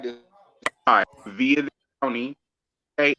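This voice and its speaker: A man's voice: mid-range voice, slow, slight background noise. A man in casual chat, adding short reactions and telling stories from his own past, with some hesitations. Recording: dull lo-fi sound.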